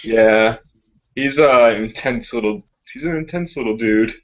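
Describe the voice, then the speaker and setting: Joking man with muffled audio. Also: mid-range voice. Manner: joking, quick to laugh. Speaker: podcast co-host. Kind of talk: casual chat. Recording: muffled audio with faint hiss.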